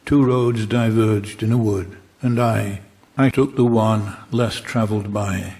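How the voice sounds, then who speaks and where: A man reading a poem aloud as an offscreen voice, in a measured, solemn way. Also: lowish voice, fairly even intonation, dark tone. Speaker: poetry reader. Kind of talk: poetry reading.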